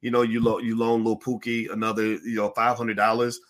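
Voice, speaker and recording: A man's voice: on the low side, flat delivery, brisk. A man hosting a finance livestream, chatting casually with many fillers and restarts. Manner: chatty, frequent fillers, flares up in mock outrage. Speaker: finance show host.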